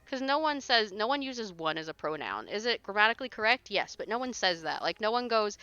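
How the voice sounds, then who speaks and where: Woman live-streamer, casual chat, blunt and exasperated, crisp tone, slightly lo-fi mic. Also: medium pitch, very animated, fairly quick, few pauses, pushed and bright, dry recording. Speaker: streamer reading paranormal posts.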